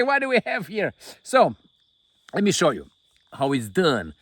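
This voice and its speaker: An older man rants through a rambling vlog from inside a tent, crude and mocking, full of jokes and asides. His voice sits high for a man and leaps widely up and down. The sound is close and dry, with no room around it. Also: huge pitch swings, a little slow, pauses often, fairly bright tone, breathy edge, no echo. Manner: profane, mocking, jokey, digressive. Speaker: political commentary vlogger. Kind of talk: rambling casual commentary.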